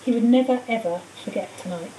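A woman teacher reading a storybook aloud in a clear, steady way. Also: on the high side, fast talker. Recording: echoey room, far mic, faint hiss.

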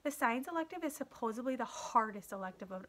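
A woman's voice: on the high side, lively intonation, quick pace, a bit bright. A woman voicing a rude, sarcastic schoolboy who drawls mocking questions, in a read-aloud story.

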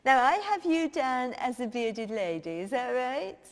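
Comic sketch: woman as a cheeky, foul-mouthed minister on the phone, high and bouncy, heavy reverb. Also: very animated, measured pace, exaggerated voice. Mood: breezy. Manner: blunt and swearing, breezy phone chatter. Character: brash, cheeky middle-aged female cabinet minister. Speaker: comedian. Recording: long hall reverb.

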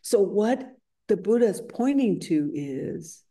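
A woman's voice: medium pitch, animated, slow, dark tone. A woman giving a meditation dharma talk at a retreat, conversational and searching, repeating phrases as she reads from scripture. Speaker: meditation teacher. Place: retreat center meditation hall.

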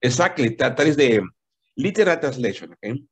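Husky man, teaching English. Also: mid-range voice, lively intonation. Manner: explains slowly, repeats "okay?" and switches into Spanish. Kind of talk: online language lesson. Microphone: video call.

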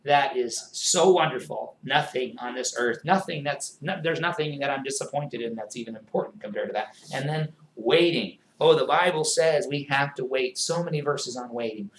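A man preaching a sermon as pastor, swinging between forceful emphasis and hushed, quiet passages. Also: mid-range voice, fairly quick, roomy sound, a little hiss or hum, poor audio.

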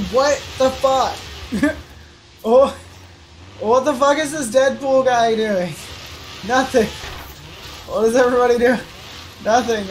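A woman streaming a game live, commentating in a profane, excitable, trash-talking way. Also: on the high side, noisy background. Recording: game music underneath.

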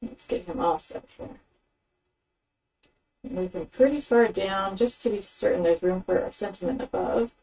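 A chatty woman walks through a craft project step by step, rambling a little and filling her pauses with ums. Her voice is mellow and a bit husky. She sits some distance from the microphone. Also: mid-range voice, expressive. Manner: chatty, rambling with fillers, narrating her hands-on work. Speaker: craft demonstrator. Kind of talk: casual craft tutorial. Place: craft table indoors.

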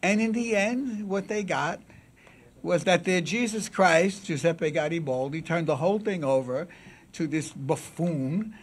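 At a symposium, a man gives a public lecture that swings dramatically from loud declaiming to a near-whisper, with asides to the audience. His voice sits on the high side and has a breathy edge.

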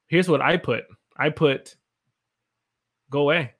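A man's voice: fairly high pitch, takes it slowly, fairly bright tone. A man with an American accent teaching English in a casual livestream from his room at home, joking, laughing often and reading viewer comments aloud. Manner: playful, jokey, laughs often.

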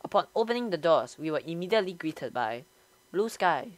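A woman's voice: on the low side, sing-song, a little fast, no echo. A woman hosting a gaming channel, reading a visual novel aloud and voicing every character herself.

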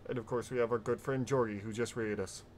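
A man's voice: medium pitch, fairly even intonation, fast talker, slight background noise. A young man hosting a casual VTuber reaction stream, chatty, with short reactions.

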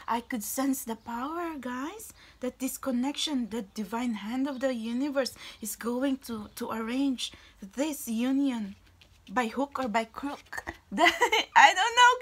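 Excitable woman giving a tarot reading. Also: a little high, slight background noise. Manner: excitable, bursts of exclamations. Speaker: tarot reader.

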